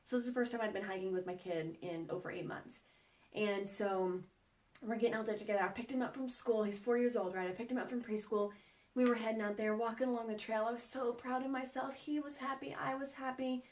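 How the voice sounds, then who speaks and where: Woman, 40s, outdoor educator; friendly how-to delivery, fairly high voice, chatty and animated. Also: a little fast. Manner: chatty, animated storytelling with light laughs. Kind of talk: casual how-to talk with a personal story.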